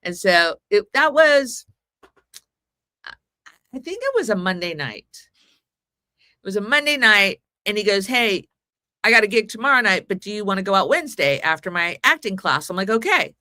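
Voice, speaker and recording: On a podcast, a Mexican-heritage woman in her forties tells a long personal story in a rambling, anecdotal way, acting out quotes during a casual storytelling chat. Her medium-pitched voice swings widely in pitch, pushed and bright, at normal speed with long pauses. The recording is dry, clean studio sound.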